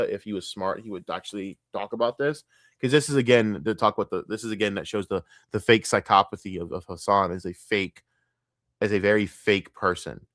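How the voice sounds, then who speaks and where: A man's voice: lowish voice, fairly bright tone, no echo, clean studio sound. A man streaming a reaction, ranting bluntly and scornfully with heavy swearing. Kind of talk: profane reaction rant.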